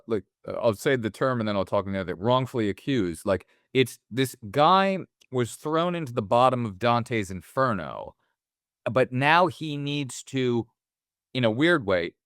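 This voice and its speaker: Male podcast co-host, mid pitch, animated and profane, dry close mic. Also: no room sound. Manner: animated, acts out movie lines, swears casually. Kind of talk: casual movie discussion.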